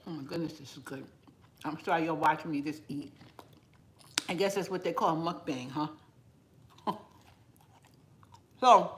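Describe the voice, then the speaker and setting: A woman's voice: low-pitched, a little slow, pauses often, slight background noise. A woman chatting with live viewers while eating in her home kitchen, rambling casually and talking with her mouth full. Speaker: cooking vlogger.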